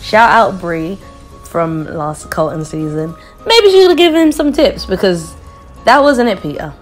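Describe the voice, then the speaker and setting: A woman casually recapping a TV episode, chatty and quick to laugh, mimicking the people she quotes. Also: on the low side, animated, faint music behind. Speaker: vlogger reviewing a TV show.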